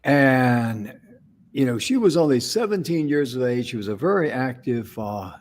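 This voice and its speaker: A man's voice: mid-range voice, lively intonation, moderate pace. A man co-hosting a talk show, telling an inspirational story in a folksy, conversational way. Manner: folksy, affirming with frequent mm-hmms. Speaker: co-host.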